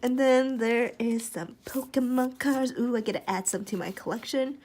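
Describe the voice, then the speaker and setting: A young woman vlogging as she opens a package, casual and excitable, squealing and giggling often. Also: a little high, moderate pace. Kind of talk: casual unboxing chat.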